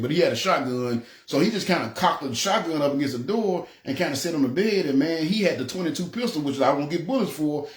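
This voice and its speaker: A preacher from North Memphis with a Memphis Southern accent, telling his testimony in an animated way and acting out the voices he quotes. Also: a little high, roomy sound. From North Memphis, USA. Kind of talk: testimony storytelling.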